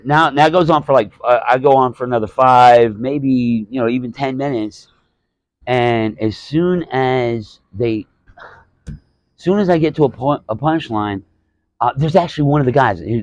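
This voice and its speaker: A male stand-up comic talks casually on his podcast, looping back on himself and cursing as he acts out what people said. His voice sits at an ordinary middle pitch. The sound is dry and close, with no room echo. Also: darkish tone. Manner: rambling, profane, lots of restarts and acted-out quotes. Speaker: stand-up comedian, podcast host. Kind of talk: casual storytelling monologue.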